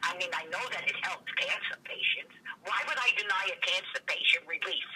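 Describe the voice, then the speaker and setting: An older woman chatting as a podcast guest, an animated storyteller who acts out the quotes in her stories. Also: fairly low pitch, a little fast. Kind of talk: casual chat. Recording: distant, noisy recording.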